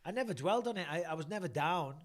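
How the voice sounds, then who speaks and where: A man's voice: high voice, animated, quick pace. A man hosting a casual chat, a retired fighter talking bluntly and swearing freely, often restarting his sentences.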